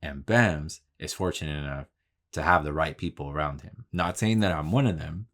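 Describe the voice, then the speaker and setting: A man's voice: rumbling low, normal speed, fairly bright tone. A man talking in a casual, candid vlog monologue, swearing freely and telling stories about his work. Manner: profane, candid, talks through stories. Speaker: vlogger.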